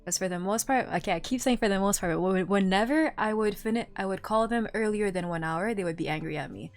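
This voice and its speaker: A young woman streamer telling work stories in casual chat, animated and laughing often, with lots of filler words. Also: medium pitch, quick pace, soft background music.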